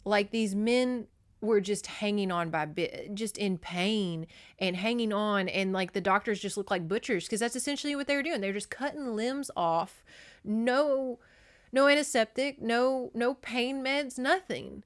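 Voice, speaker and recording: Woman host, casual book recap, chatty and profane, mid-pitched. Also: normal speed. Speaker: podcast host.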